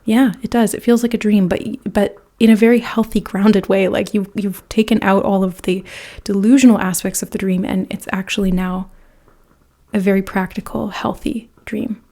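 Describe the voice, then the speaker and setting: A woman giving a pick-a-card tarot reading in a chatty, informal way, often trailing off into soft breathy asides. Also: medium pitch, fairly even intonation, normal speed. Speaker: tarot reader.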